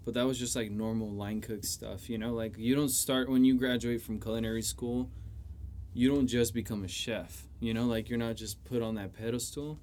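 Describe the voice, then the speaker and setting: A man's voice: mid-range voice, level tone, moderate pace, a little mellow, slight background noise. A young man, a chef, talking casually on a podcast, swearing freely and leaning on "you know". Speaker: chef guest.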